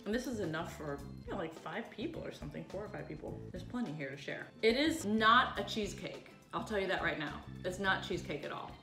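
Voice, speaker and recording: A woman with a fairly low voice hosts a casual food review, chatting and joking as she goes. The room echoes a lot, and music plays behind her. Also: lively intonation, fast, hardly any pauses. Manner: chatty, joking, self-deprecating.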